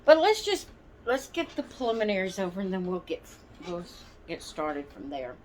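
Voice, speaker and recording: Seated in a rocking chair at home, a woman hosts her doll channel, chatting slowly and apologetically with viewers as she rambles and hunts for words. Her voice sits on the low side with a darkish tone and big pitch swings. Slight background noise is present.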